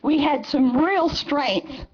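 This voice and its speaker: A woman's voice: sits high, slow, darkish tone. A woman in her seventies giving an angry, impassioned public comment at a council meeting. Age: 70s. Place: council chamber. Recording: dull lo-fi meeting recording.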